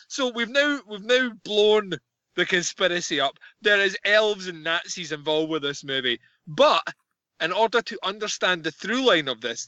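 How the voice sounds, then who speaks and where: A man's voice: high-pitched, bright, forceful tone, no room sound, highs cut off. A man hosting a comedy podcast, chatting casually and joking with fillers and asides. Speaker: podcast host.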